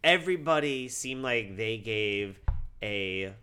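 A man's voice: on the low side, lively intonation, slow, bright, forceful tone, clear, resonant tone. A man co-hosting a casual podcast chat, talking animatedly with many fillers. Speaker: podcast co-host.

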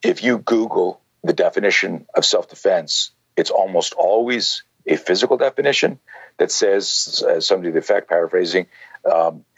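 A man in his sixties, a self-defense instructor, telling stories in casual conversation, rambling with many fillers and a husky voice. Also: low-pitched, normal speed, no room sound, dull audio. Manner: rambling, lots of "you know" and "like". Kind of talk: conversational storytelling.

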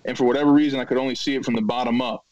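A man in his thirties, a retired football player, telling stories as a podcast guest and acting out quotes loudly. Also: mid-range voice, very fast, highs cut off, crowd noise. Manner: animated storyteller, acts out quotes loudly. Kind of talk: storytelling in a podcast interview.

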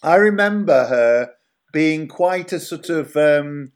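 A man's voice: fairly high pitch, animated, takes it slowly, smooth. Man asking tentative interview questions.

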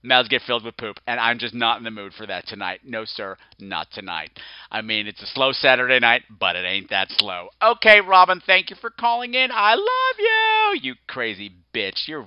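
A man's voice: medium pitch, animated, moderate pace, clear, resonant tone, no room sound, highs cut off. A man hosting a podcast, talking in a campy, playful way with theatrical asides. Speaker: podcast host. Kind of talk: casual podcast chat.

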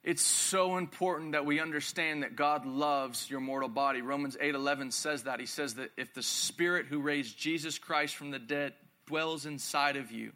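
Male preacher, young, intense and emphatic; high, piercing bright tone. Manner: intense, emphatic, repeats phrases. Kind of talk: sermon. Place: large room with audience.

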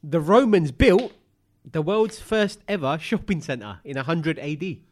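High, animated man telling stories. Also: unhurried. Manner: enthusiastic, animated storyteller. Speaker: co-host. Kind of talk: casual chat.

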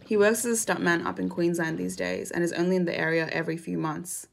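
A young woman from Australia reading her personal essay aloud in a measured, reflective way. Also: lowish voice, fairly even intonation, vocal fry, a little hiss or hum.

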